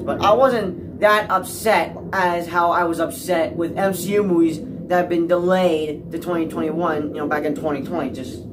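A man vlogging about movies in a rambling, anxious and excitable rant, stammering and restarting as he talks, recorded at home. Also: fairly high pitch, background noise.

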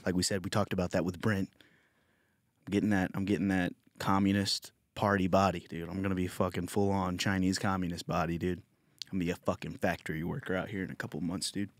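A man's voice: deep voice, flat delivery, quick pace, dry recording. A man from Virginia hosting a comedy podcast in a crude, rambling, boastful monologue. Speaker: podcast host.

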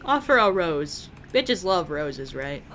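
Bright, excitable woman gaming commentator. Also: sits low, slow. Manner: excitable, swears a lot, laughs often. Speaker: gaming video creator. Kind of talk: let's play commentary.

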